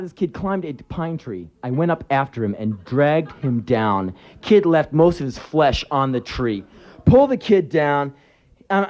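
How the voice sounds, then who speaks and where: With a fairly high yet darkish voice, a man in his twenties delivers a live spoken word performance to an audience. His storytelling is sardonic and profane, punctuated by sudden yelps as he imitates others.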